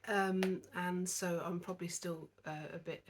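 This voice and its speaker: A woman's voice: fairly low pitch, flat delivery, a little slow, husky. A woman with a cold, a bit out of breath, chatting casually about her cross stitch at home, rambling with lots of fillers. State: out of breath, getting over a cold. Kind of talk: casual chat. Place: indoors at home, seated on a dining chair.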